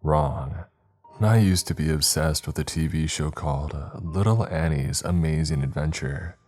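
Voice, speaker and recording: Very deep-voiced man narrating horror. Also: moderate pace. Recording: soft music bed.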